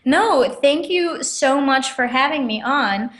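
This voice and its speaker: A young adult woman, a guest author, telling stories in a chatty, animated way and laughing often. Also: high voice, slow. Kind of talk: casual interview storytelling. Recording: roomy echo.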